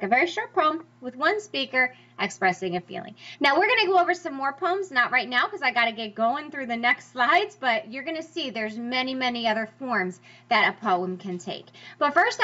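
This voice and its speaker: A bright, high-pitched woman teaching a class, her voice bouncing up and down as she sounds out rhythms. The recording is a little dull and lo-fi. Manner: lively, emphatic, sing-song stress demonstrations. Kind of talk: classroom lecture over slides.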